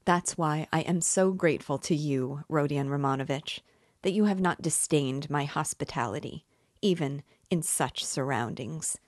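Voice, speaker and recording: Brief: a haughty, bitter widow hostess, low-voiced and indignant, with a dry, close sound, read by a woman narrating a novel aloud. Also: normal speed, no echo. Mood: proud. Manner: haughty and indignant, raising her voice.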